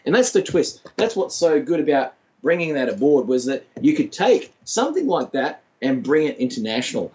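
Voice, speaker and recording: An Australian man talks movies over a remote link, and the sound is dull and lo-fi. His voice sits a bit high for a man. He is playful and animated, leaning on slang. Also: brisk. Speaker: podcast guest. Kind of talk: casual chat.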